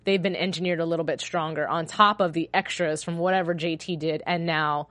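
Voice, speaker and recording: A woman co-hosting a casual chat about a TV show, animated and self-deprecating, often trailing off and restarting. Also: sits low, brisk, no echo. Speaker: podcast co-host.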